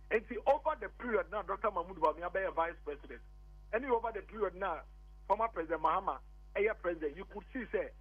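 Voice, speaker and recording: High-voiced Ghanaian man on a tinny phone line. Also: slightly rough, dry recording. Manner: insistent, repeats points, mixes English and Twi. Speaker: political guest on a radio show. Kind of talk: heated political argument on a phone-in.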